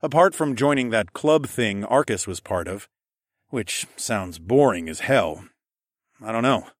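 Man, low voice, first-person audiobook narrator, lively playful dialogue, dry studio sound. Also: a little slow, no room sound.

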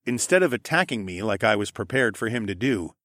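A man narrating a first-person fantasy audiobook in an expressive way, hushing for dialogue tags. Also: fairly low pitch, fairly quick, no echo, clean studio sound. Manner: expressive, drops to a hush for tags.

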